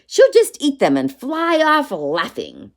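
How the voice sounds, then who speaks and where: A woman's voice: high voice, huge pitch swings, slow, pitched above the performer's own voice, full character voice. Woman voicing an earnest, watchful little boy. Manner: earnest and warning. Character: watchful, sensible young boy.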